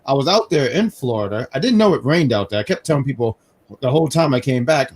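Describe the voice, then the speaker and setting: A man from New York hosting a casual live wrestling review stream, telling animated stories with self-mocking jokes. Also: medium pitch, quick pace, slightly rough. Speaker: podcast host.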